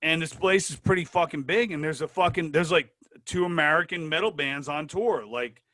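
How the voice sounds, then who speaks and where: A man as an interview guest, telling animated, profane anecdotes in casual talk. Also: a little high, moderate pace, no room sound. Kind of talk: casual storytelling.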